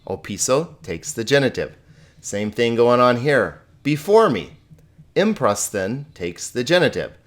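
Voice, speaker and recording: A man teaches a recorded lesson in a voice of middle pitch. He explains patiently and slowly, stopping to put questions to his students. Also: big pitch swings. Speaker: Greek teacher.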